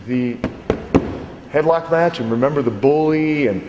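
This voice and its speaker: Middle-aged wrestling coach guy, loud and animated, cussing, echoey big hall with a faint hum. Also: a little high, measured pace, dull audio. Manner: animated, profane, acts out scenes. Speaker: wrestling trainer. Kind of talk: coaching critique.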